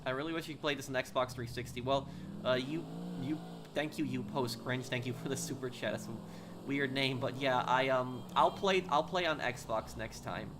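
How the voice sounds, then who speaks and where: A man's voice: medium pitch, background noise. A man live-streaming a game, chatting casually and thanking viewers, often stumbling and restarting his sentences. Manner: chatty, halting, restarts while reading chat.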